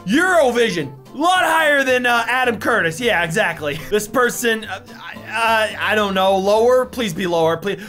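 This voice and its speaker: A man's voice: high voice, animated, moderate pace, hardly any pauses, bright, forceful tone, soft background music. A young man doing a ghost pepper chip challenge while playing a guessing game, coughing, eyes watering, yelping and pleading in a frantic, self-mocking way. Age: young adult. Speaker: YouTuber.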